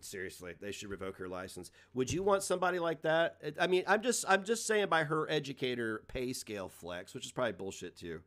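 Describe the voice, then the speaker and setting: A man's voice: mid-range voice, very animated, brisk, hardly any pauses, a bit bright. Dude ranting on his live stream, cussing and laughing, voice jumping all over the place. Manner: mocking, laughs often, swears freely. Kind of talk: casual live-stream rant.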